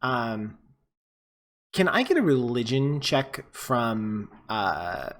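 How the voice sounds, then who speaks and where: A man's voice: medium pitch, big pitch swings, drawn-out words, a bit bright, a little hiss or hum. A man running a tabletop game as game master, describing scenes in a casual, rambling way with many fillers.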